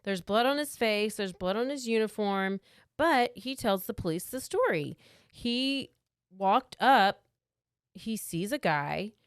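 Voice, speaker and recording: With a mid-range voice and lively intonation, a podcast co-host slowly recounts a true crime story in a casual, chatty way. She acts out quotes and leans on "like" often; the tone is clean, echo-free, and studio quality.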